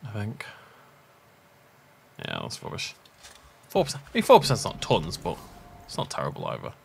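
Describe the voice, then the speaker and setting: A man's voice: low-pitched, wildly swooping pitch, normal speed, gravelly, a little hiss or hum. A man hosting a let's play, rambling casually and laughing often while he plays. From half Irish. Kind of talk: casual gaming commentary.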